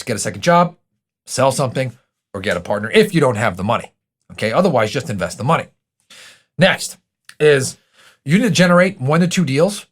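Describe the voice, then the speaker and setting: A man's voice: mid-range voice, a bit bright. A man hosting a podcast, coaching listeners on finances in an emphatic, direct way. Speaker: podcast host. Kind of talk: motivational podcast talk.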